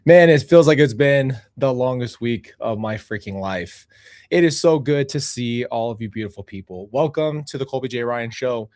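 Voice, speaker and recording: Animated chatty man hosting a stream. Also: medium pitch, moderate pace, no echo, studio quality. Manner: animated, chatty, complains playfully, talks to chat. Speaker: host. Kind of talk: casual livestream commentary.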